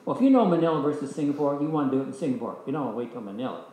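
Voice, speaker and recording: A man's voice: medium pitch, rapid-fire. Older man telling a story in an echoey hall. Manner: lively anecdotal storytelling, voices the people in his stories. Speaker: discipleship school teacher. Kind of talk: storytelling teaching talk.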